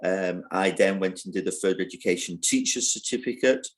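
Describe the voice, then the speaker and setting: A man's voice: deep voice, fairly quick. An older man answering interview questions, thoughtful and hesitant, with frequent fillers. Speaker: interview guest, university training head.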